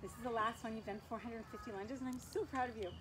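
Woman fitness instructor, high voice, out of breath, counting reps, noisy recording. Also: fairly even intonation, quick pace, fairly bright tone. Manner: counts reps aloud and cheers on viewers. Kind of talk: live workout coaching.

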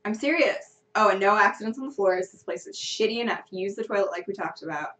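A woman's voice: mid-range voice, fast, fairly bright tone, recorded from a distance, close to an everyday voice. A woman voicing a grumpy, sarcastic man in his mid-twenties, with a dry, mocking read. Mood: bossy.

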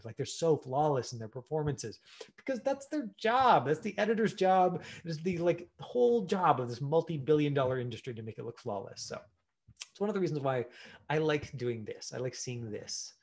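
A man teaching an online acting class, chatty and animated, full of fillers and acted-out examples. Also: on the high side. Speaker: acting coach.

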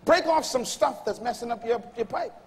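A man's voice: extremely high pitch, normal speed, in a large hall. A man preaching a sermon in an emphatic call-and-response manner, reading scripture aloud and urging the congregation to respond. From Bahamas. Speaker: pastor.

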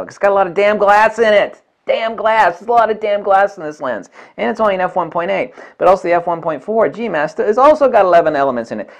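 A man reviewing camera lenses in a vlog, blunt and combative, swearing often and repeating points for emphasis. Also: on the high side. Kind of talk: ranting product review vlog.

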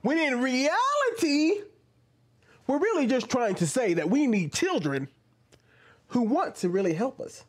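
Brief: a man putting on a slow, breathy, high sing-song TikTok voice, mockingly affected. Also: big pitch swings, exaggerated voice.

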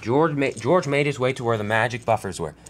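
A man's voice: medium pitch, a little fast. A young man narrating a homemade toy train story, often stumbling and restarting his sentences.

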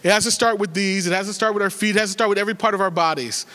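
Bright high-voiced man in a reverberant church. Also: racing. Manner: chatty and joking, with many repeats and restarts. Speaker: pastor. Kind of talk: church announcements from the pulpit. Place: large church sanctuary. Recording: long hall reverb.

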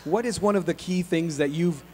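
A woman's voice: fairly low pitch, moderate pace, darkish tone, slight background noise. A convention panel host asking questions casually, giggling and stumbling over her words. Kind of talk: casual interview hosting. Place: convention hall.

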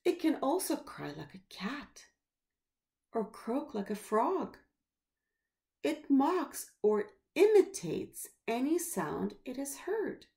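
A woman reading a children's story aloud in a slow, expressive storybook manner. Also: sits high, creaky.

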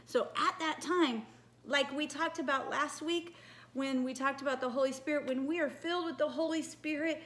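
A woman leading a children's church message, telling a Bible story in an animated way and coaxing the children with questions. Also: sits high, moderate pace. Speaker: children's ministry leader.

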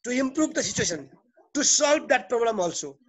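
A man's voice: extremely high pitch, sing-song, a little fast, background noise. A man lecturing a class in Nepali-accented English. He circles back over his phrases, repeats words and keeps asking whether the students follow. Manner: repeats and restarts phrases, checks in with "okay?". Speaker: teacher.

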